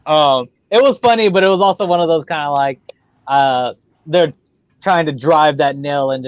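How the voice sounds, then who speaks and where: A man co-hosting a podcast in relaxed casual chat, laughing often. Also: on the high side, normal speed, smooth, no echo, lo-fi sound. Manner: laid-back, laughs often. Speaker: podcast co-host.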